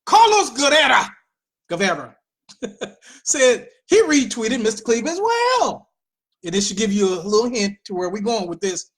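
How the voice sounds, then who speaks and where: American male host, opinionated commentary, sarcastic and exclaiming, very lively inflection. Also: high voice, normal speed.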